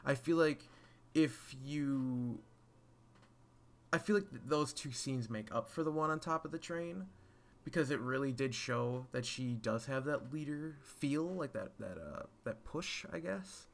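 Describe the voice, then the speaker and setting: Here a man with a medium-pitched, vocal-fry voice reviews a show slowly and loosely. He's a video reviewer who rambles, restarts often, leans on fillers and swears casually.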